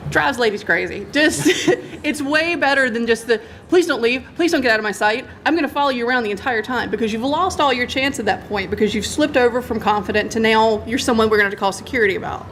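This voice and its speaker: Laughing woman with a high voice. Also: quick pace, hardly any pauses, a bit bright, slight background noise. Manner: laughs often and acts out lines in quotes. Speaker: convention panel host. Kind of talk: casual panel talk. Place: convention panel room.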